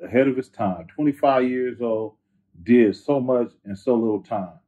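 A man from Northern California chatting as an interview guest, slangy and animated, repeating phrases for emphasis. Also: mid-range voice, normal speed. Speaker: rapper guest. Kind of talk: casual interview chat. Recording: tinny phone-like line.

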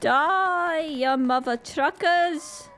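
A woman with a Northern Irish accent giving excitable gameplay commentary, full of panicked exclamations. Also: high voice, extremely slow, faint music behind. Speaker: gaming channel host.

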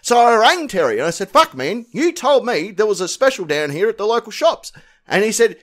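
Male commentary host, high voice with a lively swing, crude and mocking. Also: a little fast. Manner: crude, mocking, rambling jokes. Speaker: host of a police-video commentary channel. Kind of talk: comedic commentary.

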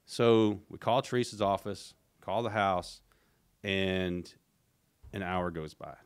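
Middle-aged guy on a podcast, lowish voice, rambles through a story and does the quotes. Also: slow pace, clean tone. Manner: rambling, frequent restarts, acts out quotes. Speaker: podcast guest. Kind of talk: casual storytelling interview.

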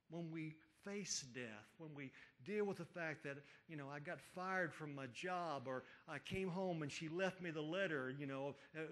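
A pastor delivers an Easter sermon from a church pulpit, his voice set fairly high for a man. He builds to urgent runs of rising questions, then sinks to hushed single words. He speaks directly to the congregation throughout. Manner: preaching with rising emphatic questions and hushed drops. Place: church sanctuary.

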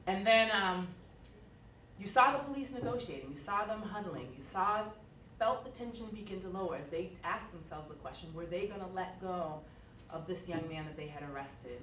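A woman's voice: fairly low pitch, lively intonation, moderate pace, fairly bright tone, distant mic, a little hiss or hum. A woman giving a keynote address, telling a story in an earnest, conversational way with frequent fillers. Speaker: keynote speaker. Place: lecture hall. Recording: echoey hall recorded from afar.

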